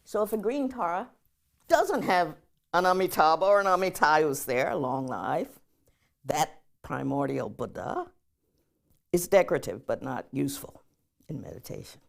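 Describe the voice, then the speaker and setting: A woman professor giving a public lecture, telling stories in a lively way and leading the audience in chanting. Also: low voice, a little slow, gravelly.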